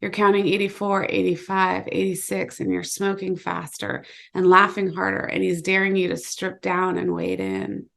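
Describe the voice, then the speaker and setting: A woman author giving a measured, low-key reading of her own short story. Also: flat delivery, gravelly. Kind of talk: literary reading, second person.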